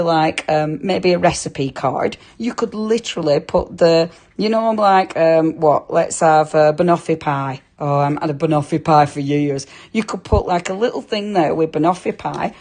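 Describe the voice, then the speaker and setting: Chatty Lancashire woman, lower voice. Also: moderate pace, darkish tone. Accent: Lancashire English. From Lancashire, England. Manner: chatty, full of tag questions. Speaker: craft shopping presenter. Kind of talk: live craft demo and viewer chat.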